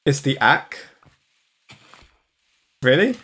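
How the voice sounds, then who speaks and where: A man's voice: mid-range voice, big pitch swings, extremely slow, fairly bright tone, slightly rough. Chatty British man streaming a game. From United Kingdom. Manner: chatty, laughs often, replies to chat. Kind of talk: casual chat while gaming.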